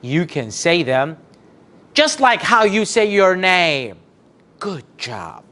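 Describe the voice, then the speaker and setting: Slow, lively male teacher drilling children. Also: high voice. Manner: slow, drawn-out call-and-response drilling; cheerful praise, sometimes sings prompts. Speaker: English teacher. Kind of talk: online class for young children.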